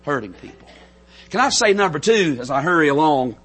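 A middle-aged Southern preacher with a North Carolina drawl, his voice pitched high, bright and a little husky. He preaches with fervor, dropping to a near hush and then climbing to full shouts. It sounds like a sermon delivered from a church pulpit. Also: sing-song, brisk. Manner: fervent, builds to shouts, drops to soft intimate lows. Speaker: pastor. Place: church sanctuary.

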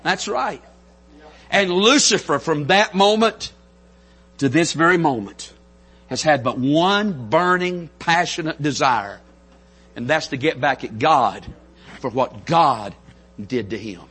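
This is a fervent sermon from a church pulpit, delivered slowly and animatedly with frequent pauses. The middle-aged pastor speaks in a high, bright, slightly husky North Carolina drawl, sinking to a hush before building to shouts.

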